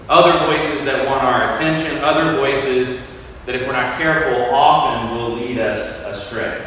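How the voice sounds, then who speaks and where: A man preaching a sermon as a priest, telling a story in a relaxed, conversational way with frequent fillers. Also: medium pitch, slight background noise. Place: large church. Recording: echoey church hall, from far off.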